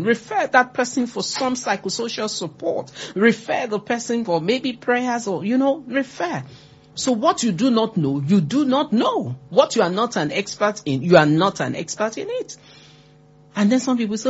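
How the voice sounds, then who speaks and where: A woman's voice: low-pitched, animated, unhurried, darkish tone, breathy edge. A woman giving earnest, emphatic advice on supporting grieving people, repeating key words and acting out quoted remarks. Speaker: speaker on grief support. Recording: dull lo-fi recording.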